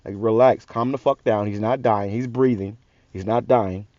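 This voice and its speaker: A man's voice: lowish voice, fairly even intonation, moderate pace, mellow, no room sound, dull audio. A man hosting a religious channel, giving a heated, profane, repetitive rant-style sermon. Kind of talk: ranting street sermon.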